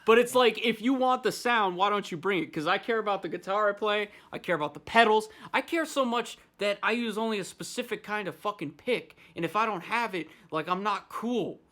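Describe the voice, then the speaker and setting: A man's voice: high voice, brisk, few pauses, sharp tone. A man hosting a podcast, ranting in loose, profane casual chat. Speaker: podcast host.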